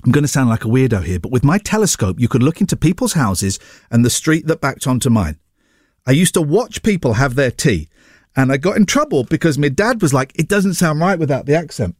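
A man's voice: medium pitch, very animated, fairly quick, dry recording, studio quality. A man hosting a radio show, casually chatting about newspaper stories with wry asides. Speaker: radio host.

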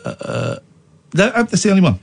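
A man's voice: sits high, huge pitch swings, fairly quick, vocal fry, breathy edge. A male radio host chatting jokily on a late-night show, teasing his co-host and callers and slipping into mock accents.

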